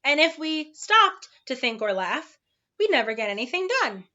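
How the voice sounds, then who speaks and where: A woman's voice: high voice, very animated, normal speed, sharp tone, muffled recording, heavily acted. A woman voicing a crowd of lazy, drowsy townsfolk, reciting their idle schedule in a droning sing-song.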